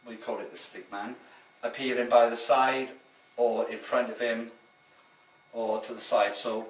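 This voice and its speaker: A man with a British accent leading a ghost hunt, softly coaxing spirits to come forward. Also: medium pitch, flat delivery, unhurried, recorded from a distance. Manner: coaxing, soft-spoken, giggly. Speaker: paranormal investigator. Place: large old inn building at night. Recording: echoey room, camera mic from afar.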